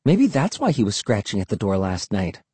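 A man's voice: fairly low pitch, wildly swooping pitch, normal speed, mellow, breathy edge, no echo, heavily acted. A man voicing a sleepy teenage girl who speaks in a drowsy, offhand way.

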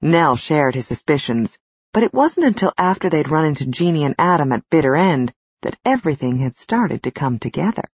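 A woman reading a romance novel as an audiobook narrator, in even, measured storytelling. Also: low-pitched, slightly rough, dry recording. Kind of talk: scripted narration. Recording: slightly dull, dry studio recording.

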